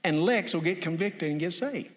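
A man preaching a sermon, telling a folksy story in an animated way that builds to shouting. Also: high voice, normal speed, big-room sound. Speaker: pastor.

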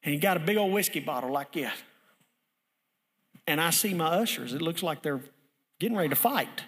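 A man preaching a sermon, telling a folksy story in an animated way that builds to shouting. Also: a little high, a little fast, husky, long reverb tail. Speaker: pastor.

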